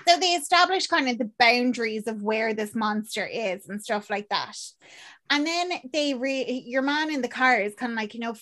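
A slightly high-voiced woman chats loosely through a film's plot. She swears freely and drops into quick impressions of the characters. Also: lively intonation, pushed and bright. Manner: chatty, swearing, acts out lines in quick voices. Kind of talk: casual chat recapping a film.

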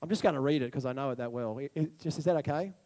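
A man preaching a sermon to a church congregation, animated and exclamatory, with sudden whoops. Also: mid-range voice, racing. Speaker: pastor. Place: church hall.

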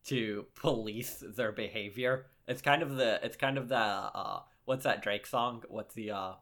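Podcast co-host, young man, low-pitched, wry and halting, lots of ums. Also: fairly bright tone. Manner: joking, self-deprecating, halting with fillers. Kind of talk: casual podcast chat.

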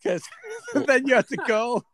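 A man's voice: extremely high pitch, unhurried, fairly bright tone. A man co-hosting a podcast in casual chat, teasing and joking with his friends. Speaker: podcast co-host.

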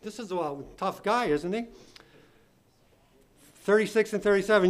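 A man's voice: high-pitched, moderate pace, pauses often. A man preaching a sermon, reading scripture aloud with rising emphasis and asking his listeners rhetorical questions.

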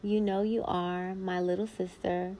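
A woman's voice: lowish voice, little pitch movement, measured pace, mellow, a little hiss or hum, low-quality recording. A woman in her thirties hosting a podcast, reading old notes aloud in a casual way with short asides of her own. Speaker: podcast host.

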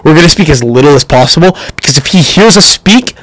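A young man hosting a podcast, telling stories in a profane, rambling, animated way. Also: a little high, quick pace, no echo, poor audio. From Canada. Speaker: podcast host. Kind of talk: casual storytelling rant.

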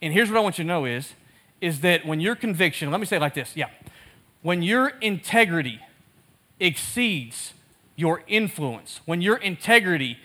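Casual male preacher, bright and high-pitched, chatty sermon delivery with self-deprecating humor. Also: moderate pace. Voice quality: lively storytelling, acts out both sides of conversations. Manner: casual and conversational, laughs at himself. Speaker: pastor.

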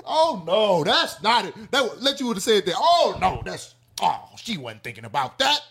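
A man telling stories in an animated, profane way, hosting a casual podcast chat. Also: high voice, normal speed, breathy edge.

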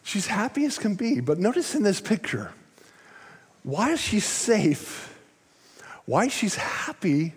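An older man preaching a sermon, swinging between loud emphatic lines and hushed, low phrases. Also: very animated, slow pace, pauses often, husky. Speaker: pastor. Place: large church sanctuary. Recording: long hall reverb.

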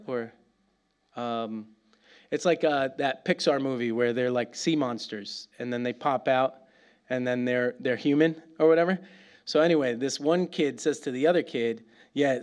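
A man preaching a casual, animated sermon, laughing often and acting out little dialogues. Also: medium pitch. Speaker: pastor.

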